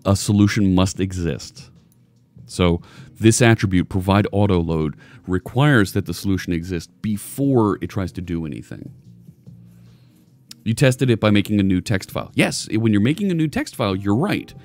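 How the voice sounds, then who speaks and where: A man's voice: sits low, animated, moderate pace, darkish tone, faint music behind. A man hosting a casual live coding stream, chatting loosely and joking with viewers as he works. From United States. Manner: rambling, chatty, jokey.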